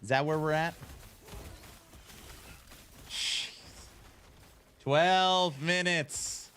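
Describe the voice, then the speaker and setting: A man's voice: a little high, extremely slow, sharp tone, clear, resonant tone. A man chatting casually on a live stream, playful and teasing as he talks back to his viewers.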